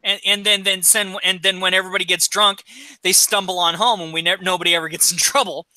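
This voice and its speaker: Middle-aged dude ranting and cussing on a podcast, real bright tone, a bit high, dry sound. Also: male voice, little pitch movement, fast talker, no echo. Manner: profane, ranting. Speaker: podcast co-host. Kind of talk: casual chat. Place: recording studio.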